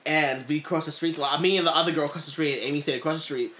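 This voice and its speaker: Bright-voiced, excitable young man telling a story. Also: a little high, quick pace, a little hiss or hum. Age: late 20s. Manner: animated storyteller, profane, excitable. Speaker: podcast co-host. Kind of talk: casual storytelling chat.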